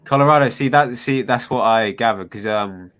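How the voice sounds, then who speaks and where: A man's voice: mid-range voice, moderate pace, fairly bright tone. A man with a British accent, a guest in a casual chat, talking in an opinionated way and laughing easily. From United Kingdom.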